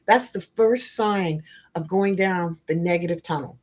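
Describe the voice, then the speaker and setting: A spiritual life coach's fairly low, darkish voice moves a little slowly as she hosts her motivational podcast. Her delivery is emphatic and blunt, full of frank asides, and she speaks straight to her listeners.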